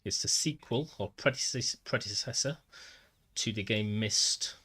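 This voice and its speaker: Northern English male streamer, somewhat low voice, relaxed chatty game commentary. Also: a little slow, breathy edge. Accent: Northern English, Manchester. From Manchester, England. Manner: chatty, talks to chat, says "mate" often. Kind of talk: casual gameplay livestream chat.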